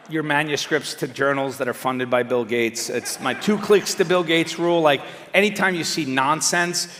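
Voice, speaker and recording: A middle-aged man giving an animated, conversational public speech, swinging between loud emphatic bursts and quiet asides. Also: a little high. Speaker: speaker at a live event. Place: large indoor venue. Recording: reverberant hall.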